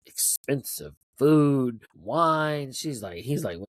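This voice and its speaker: A man hosting his own show, giving a casual, rambling recap of a TV finale. He talks with excitement, swears freely and keeps asking "right?". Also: medium pitch, slow, no echo, studio quality. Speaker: show host.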